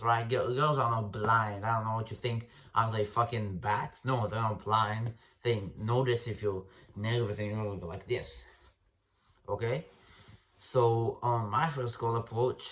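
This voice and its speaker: A man's voice: medium pitch, a bit bright. A man giving dating advice in a casual, unscripted rant, blunt and profane, rambling with restarts and calling the listener bro.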